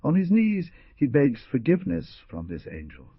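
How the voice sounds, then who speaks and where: A man's voice: mid-range voice, huge pitch swings, moderate pace, slightly rough, no room sound, pitched above the performer's own voice. A man voicing a brooding, stern young frontier hero who gives commands. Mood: commanding. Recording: dull dry lo-fi recording.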